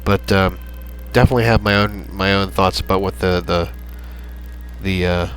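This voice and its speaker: A man hosting a gaming channel, chatting in a rambling, halting way with lots of fillers as he wraps up a playthrough. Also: low voice, steady tone, rough recording. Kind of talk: casual gameplay commentary. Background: soft background music.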